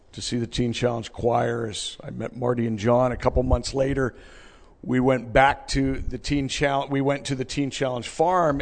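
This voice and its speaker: A middle-aged man tells his personal story to a live audience in a gravelly voice. His earnest testimony drops to near-hushed passages and rises again to loud ones. His words ring out with the long reverb of a large hall. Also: medium pitch. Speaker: speaker giving a personal testimony.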